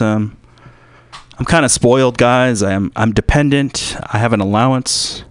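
Rambling comedic radio host, smooth voice. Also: male voice, medium pitch, moderate pace, dry recording. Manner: rambling, jumps into loud shouted impressions; filler-heavy, loose and joking. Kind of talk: rambling comic monologue.

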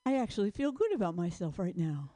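A woman's voice: mid-range voice, big pitch swings, quick pace, mellow. A woman doing a stand-up comedy set on stage, rambling through self-deprecating jokes. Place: stage before a live audience.

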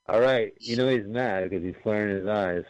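A man's voice: fairly low pitch, normal speed, darkish tone. A man co-hosting a podcast, joking and swearing casually as he comments on a movie he is watching. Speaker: podcast co-host. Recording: dry, dull lo-fi sound.

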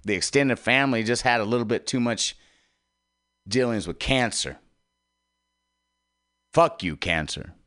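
A man hosting an internet radio show, talking in a rambling, emotional monologue that repeats itself and swings from loud outbursts to hushed asides. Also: mid-range voice, moderate pace. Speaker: podcast host.

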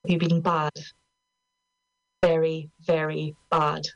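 A woman's voice: sits low, little pitch movement, slow pace, no echo, highs cut off. Posh sultry pharmacist answering the phone, plummy and teasing, as a woman puts her on. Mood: mock-posh. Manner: plummy, flirty telephone voice.

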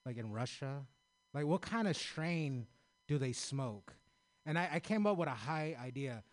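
An American man performs an open-mic stand-up set in a rambling, offhand way. He curses freely and shrugs off his own jokes. His voice sits at an ordinary pitch, and the sound is dry and close. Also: lively intonation, unhurried, dry recording. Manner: loose and rambling, self-deprecating, heavy swearing. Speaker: stand-up comedian. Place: small comedy open mic.

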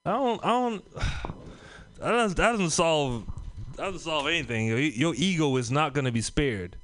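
A man's voice: on the high side, lively intonation, unhurried, fairly bright tone. A man from Trinidad doing a stand-up set, loose and profane, laughing at his own jokes on a comedy club stage. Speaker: stand-up comic.

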